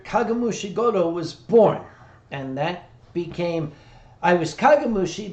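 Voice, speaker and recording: A man's voice: high voice, darkish tone, lo-fi sound. A man from Pennsylvania hosting a stream, telling a rambling, profane story in casual chat. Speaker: streamer host. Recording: echoey room with faint noise.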